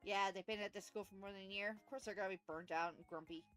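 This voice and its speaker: A woman streamer reading game dialogue aloud and joking with chat, swearing freely and reacting loudly. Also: medium pitch, fairly even intonation, fast talker, soft background music. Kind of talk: casual gameplay commentary.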